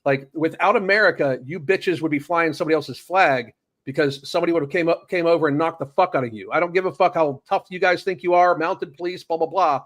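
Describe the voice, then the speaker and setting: Man, co-host, blunt indignant rant, heavy swearing, slightly high pitch. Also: fast, a bit bright. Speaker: podcast co-host. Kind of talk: heated casual rant.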